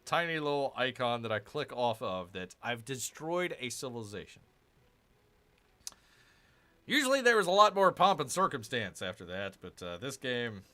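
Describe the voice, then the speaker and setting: A man narrates his strategy game session with a bright, forward tone and a lively, swooping delivery. He grumbles and makes sarcastic asides to his viewers. It sounds like casual commentary recorded at home. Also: medium pitch. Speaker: gaming channel host.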